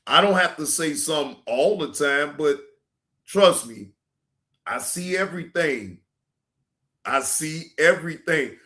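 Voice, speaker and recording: A man hosting a reaction show in casual livestream talk, slangy and profane, repeating himself and swinging from loud hype to quiet asides. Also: a little high, animated, measured pace, long pauses.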